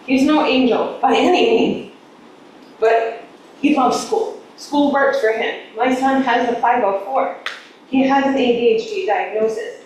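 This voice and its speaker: Emotional mom speaking up at a board meeting, earnest and pushy, voice a bit high, roomy echo. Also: female voice, a little mellow. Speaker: parent giving public comment. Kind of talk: public comment at a school board meeting. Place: large echoey meeting room. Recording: echoey room audio with faint noise, from a distance.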